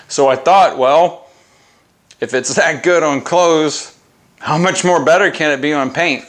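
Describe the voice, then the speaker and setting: A man's voice: a little high, normal speed, a bit bright. A man hosting a casual product review vlog, chatty and informal, who keeps breaking into giggles as he talks to his viewers. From United States. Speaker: car care product reviewer. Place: outdoors by a house and driveway.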